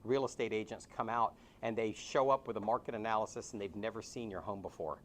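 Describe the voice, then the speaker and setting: A man leading a real estate sales training, role-playing his pitch to home sellers and telling stories with animation. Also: fast talker, slight background noise. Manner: animated storytelling.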